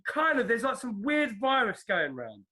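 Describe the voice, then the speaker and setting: A man, retelling a film in relaxed slang during a casual chat. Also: very high voice, moderate pace.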